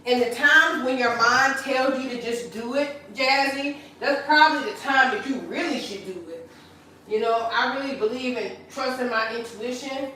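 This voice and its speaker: Woman, live-stream host at home, warm chatty encouragement, repeats herself; phone audio in a reverberant room. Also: high-pitched, normal speed, slight background noise. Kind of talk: casual chat reading viewer comments. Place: at home while cleaning. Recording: echoey room.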